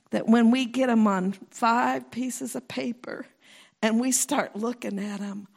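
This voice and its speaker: A woman preacher giving a slow, earnest sermon and prayer to a congregation, often sinking into a whisper. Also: a little high, steady tone, vocal fry, a little mellow. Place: church hall before a congregation.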